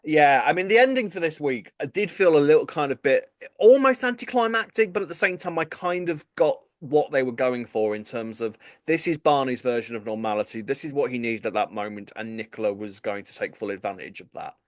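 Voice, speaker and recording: A man's voice: mid-range voice, fairly quick, few pauses, dry recording, studio quality. A man co-hosting a soap podcast, talking casually with lots of fillers and asides. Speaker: podcast co-host. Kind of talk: casual chat about a soap.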